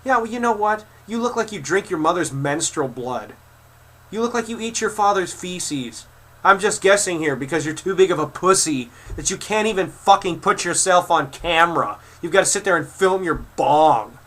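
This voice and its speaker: Pitched high and a bit bright, this man in his twenties speaks at a moderate pace with expressive delivery. He's a video creator raging at his critics on camera, swearing hard and stammering over repeated words.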